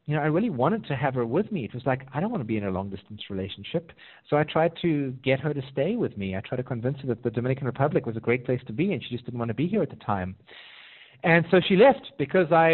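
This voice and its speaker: A man working as a relationship coach, answering viewer questions in a live Q&A and telling stories with lively quoted voices. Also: medium pitch. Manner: animated storytelling with sing-song quoted voices. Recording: tinny phone-like audio.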